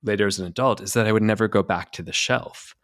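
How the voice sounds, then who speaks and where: A man hosting a podcast conversation, speaking in a reflective, calm way. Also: on the low side, fast, no room sound, clean studio sound.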